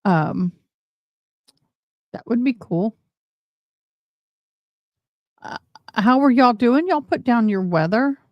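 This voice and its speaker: Woman host, casual rambling live-stream chat, unhurried, dead-dry sound. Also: a little high, animated, no room sound, dull audio. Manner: chatty and rambling, addresses viewers as y'all. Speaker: livestream host commenting on court trials.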